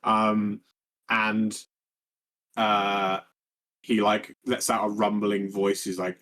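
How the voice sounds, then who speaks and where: A man's voice: fairly low pitch, completely flat delivery, slow pace, a bit bright. A man narrating a tabletop game as game master, rambling along with many fillers and restarts.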